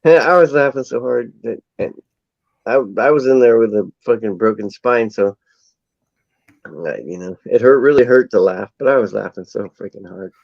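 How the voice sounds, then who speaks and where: A man's voice: medium pitch, expressive, normal speed, gravelly, a little mellow, no room sound. Man rambling through a story, lo-fi. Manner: rambling anecdotal storytelling with acted quotes. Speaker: storyteller in casual chat. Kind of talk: casual chat. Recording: dull lo-fi sound.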